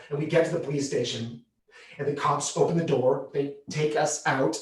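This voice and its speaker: A man performing a solo theatre piece, telling his own story with vivid, expressive delivery. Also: fairly high pitch, normal speed. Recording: roomy theatre heard from a distance.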